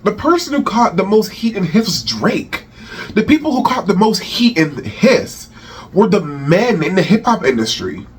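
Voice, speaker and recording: A man's voice: sits high, very animated, moderate pace, a little hiss or hum. A man hosting a rant channel, delivering heated celebrity commentary with profanity and repeated phrases.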